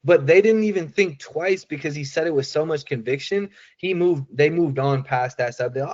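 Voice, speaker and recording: A man's voice: fairly high pitch, moderate pace, hardly any pauses, darkish tone, dull audio. A man giving casual sales coaching, talking loosely with lots of fillers and acting out quoted voices. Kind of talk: casual coaching talk on a call.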